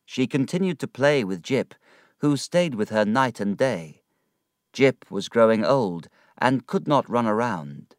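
A man narrating a storybook in a measured, expressive reading style. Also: medium pitch, dry recording, studio quality.

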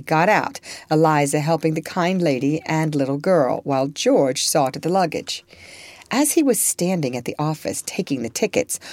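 A woman reading a classic story aloud in an expressive storybook style. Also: deep voice, no room sound. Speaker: narrator.

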